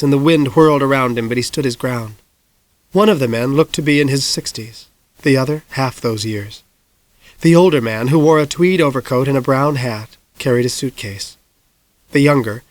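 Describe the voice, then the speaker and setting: A man narrating an audiobook in a hushed, suspenseful manner. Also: medium pitch, dry recording. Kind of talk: scripted narration.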